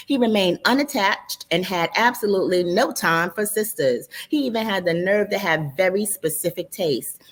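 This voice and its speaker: A woman narrating her own story as an audiobook in an animated, dramatic and sassy manner. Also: on the low side.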